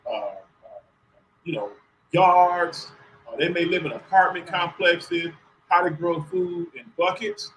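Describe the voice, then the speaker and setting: A man's voice: high voice, a little slow, crowd noise, poor audio. Earnest man telling his story. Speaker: community organizer guest. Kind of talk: radio interview answer.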